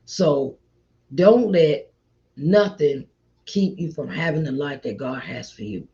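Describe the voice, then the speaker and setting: A middle-aged woman hosting an inspirational faith talk, repeating her points warmly and calling listeners child and honey. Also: sits low, expressive, slow. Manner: repetitive, encouraging, calls listeners child and honey. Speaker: host. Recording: slightly dull lo-fi audio.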